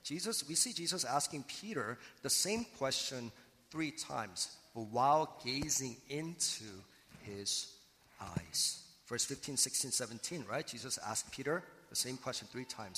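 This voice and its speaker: A man preaching a sermon as pastor, earnest and emphatic, slowing and pausing for effect on key words. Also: mid-range voice, expressive, pushed and bright, in a large hall, slight background noise.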